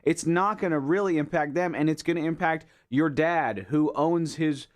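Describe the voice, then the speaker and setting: A man co-hosting a talk radio show, ranting in an animated way, his voice rising as he builds a point. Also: fairly high pitch, normal speed. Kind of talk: casual talk radio banter.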